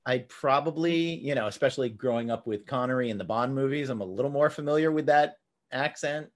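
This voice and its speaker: Chatty man telling anecdotes. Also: medium pitch. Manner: chatty, anecdotal, quick laughs. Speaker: podcast host. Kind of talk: casual chat.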